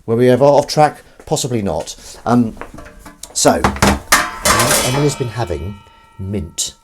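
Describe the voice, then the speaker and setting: A man's voice: mid-range voice, expressive, a little slow, heavy background noise. A man hosting a casual livestream while washing up, punning and mocking himself as he chats to viewers. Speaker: livestream host. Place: home kitchen.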